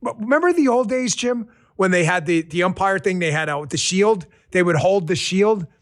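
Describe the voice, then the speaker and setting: A man with a high voice hosts a political commentary podcast from a studio mic. His delivery is sarcastic and excitable, a rant that keeps tipping into laughter. The sound is dry and close, with no room in it. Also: moderate pace, no echo. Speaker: podcast host.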